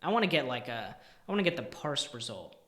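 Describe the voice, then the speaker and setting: Guy streaming himself coding, bright edgy voice, grumbles and half-whispers to himself, roomy echo. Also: medium pitch, very animated, fast talker. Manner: exasperated muttering, drops to near-whispers. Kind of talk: thinking aloud while coding.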